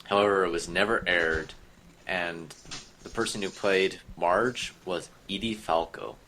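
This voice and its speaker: A man co-hosting a casual podcast, reading out entertainment news in a relaxed, informative way. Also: low voice, a little slow, a little hiss or hum. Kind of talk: casual chat.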